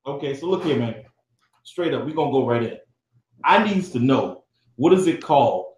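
A man's voice: medium pitch, lively intonation, moderate pace, a little mellow. A man co-hosting a casual podcast, laid-back and slangy, laughing often. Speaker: podcast co-host. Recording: echoey room with faint noise.

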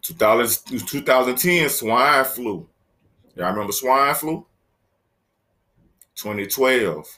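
A man's voice: mid-range voice, a bit bright. A man hosting a casual solo podcast, joking loosely and talking straight to his listeners in slang. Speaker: podcast host. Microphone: laptop setup, talking to camera.

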